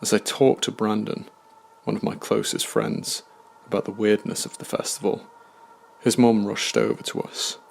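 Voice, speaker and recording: Man, horror story narrator, heavy vocal fry, measured, somber. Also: fairly low pitch, fairly even intonation.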